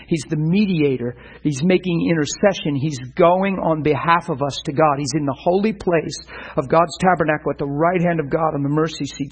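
A middle-aged man preaching earnestly about prayer, animated and stumbling over repeated words. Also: fairly high pitch, breathy edge, low-quality recording. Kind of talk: sermon-style teaching.

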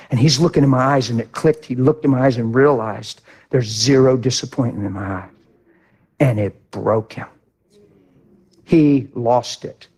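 A middle-aged man preaching a sermon with impassioned delivery, swinging from hushed to loud. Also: mid-range voice, moderate pace. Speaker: pastor.

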